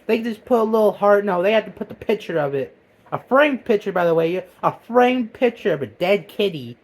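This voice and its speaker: A man delivering a profane, heated comedic rant that swings between loud outbursts and low mutters. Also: lively intonation, fairly quick. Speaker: vlogger. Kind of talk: comedic ranting monologue.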